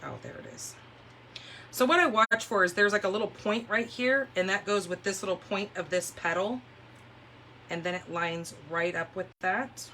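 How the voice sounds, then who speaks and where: Chatty woman with a bright voice. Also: medium pitch, normal speed, a little hiss or hum. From California. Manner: chatty, rambling storyteller who laughs easily. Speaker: crafting livestream host. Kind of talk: casual chat while demonstrating paper crafts. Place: room at home.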